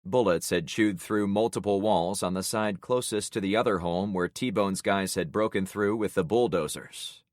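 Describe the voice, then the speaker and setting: A man narrating an audiobook in the first person, with steady, grave storytelling. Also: sits low, normal speed, hardly any pauses, no room sound, studio quality.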